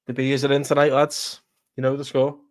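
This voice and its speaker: Blunt, sweary streamer. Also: male voice, medium pitch, completely flat delivery, fairly quick, dry recording, studio quality. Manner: blunt, sweary, laughing rants. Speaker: football watchalong streamer. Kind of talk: casual live stream chat.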